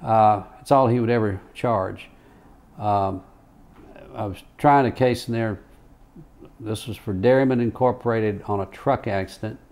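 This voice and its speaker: Brief: an older retired lawyer reminiscing in an interview, unhurried anecdotes, chuckling between stories. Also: male voice, on the low side, a little mellow. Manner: rambling anecdotal, frequent fillers, chuckles. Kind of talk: oral history interview storytelling.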